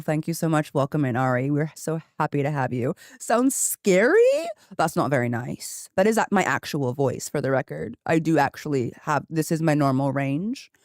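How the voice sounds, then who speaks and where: A woman game streamer chatting casually and rambling on a desk microphone, laughing often, her voice jumping higher when she gets excited. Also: no room sound, studio quality. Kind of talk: casual live-stream chat. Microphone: desk microphone with headphones.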